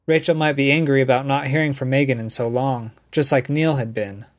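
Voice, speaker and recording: Reading a novel as an audiobook narrator, a man delivers scripted narration at a medium pitch. The storytelling is calm, even, and measured.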